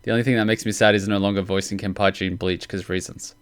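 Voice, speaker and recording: A man hosting a casual reaction video, gushing excitedly and swearing like a big fan. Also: on the low side, quick pace, clean tone, no room sound, clean studio sound.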